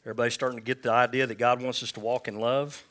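A man preaching a conversational sermon to a congregation, reading scripture slowly and calling for responses, with joking asides. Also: medium pitch, little pitch movement, fairly bright tone. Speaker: pastor.

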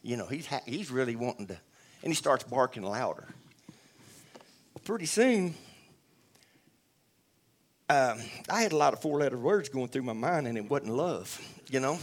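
A man's voice: mid-range voice, big pitch swings, normal speed, pauses often. Rambling man giving testimony. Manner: rambling, earnest, with many restarts and asides to the audience. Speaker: church member giving testimony. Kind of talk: spoken testimony.

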